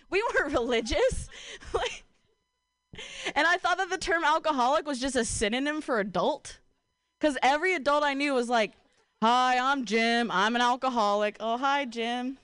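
A woman's voice: sits high, lively intonation, brisk, a bit bright, no echo. Profane young woman doing stand-up. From Ohio, USA. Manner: casual, profane, self-deprecating, lots of "like" and "you know". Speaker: stand-up comedian. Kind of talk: stand-up comedy set.

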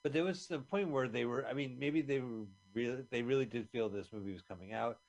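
A man's voice: medium pitch, fairly quick, creaky, darkish tone, highs cut off. A man talking casually on a radio show, rambling through film memories and trivia. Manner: rambling, chatty, trivia-minded. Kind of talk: casual movie commentary chat.

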